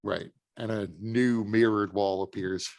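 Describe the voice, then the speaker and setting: Easygoing low-voiced man running the game. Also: steady tone, measured pace, creaky, darkish tone, no room sound. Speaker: game master. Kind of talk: narrating a tabletop game.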